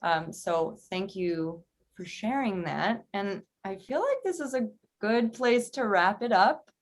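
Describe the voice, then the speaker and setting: Woman co-host closing the show, reflective and even-toned, average pitch. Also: slow. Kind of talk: casual chat, show sign-off.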